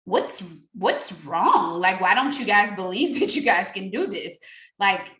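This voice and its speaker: A young adult woman giving a casual motivational talk to her sales team, animated and preachy, often laughing and acting out what others said. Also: medium pitch, unhurried, reverberant.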